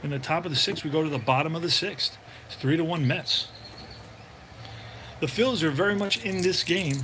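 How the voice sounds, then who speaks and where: A man calling the play-by-play of a tabletop baseball game he plays himself, in a relaxed, chatty way that drifts into thinking aloud. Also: fairly high pitch, normal speed, a little hiss or hum.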